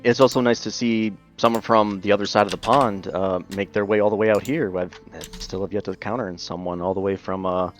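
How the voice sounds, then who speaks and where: A man's voice: on the low side, steady tone, fairly quick, hardly any pauses, soft background music. A man playing his character at a tabletop game, talking plainly and hesitantly with many ums. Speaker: player. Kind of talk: in-character tabletop role-play. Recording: dull lo-fi mic.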